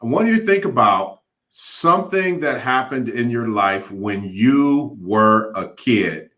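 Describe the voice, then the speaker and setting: A man co-hosting a playful kids' show with a puppet, speaking in a slow, friendly, drawn-out way. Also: medium pitch, lively intonation, fairly bright tone.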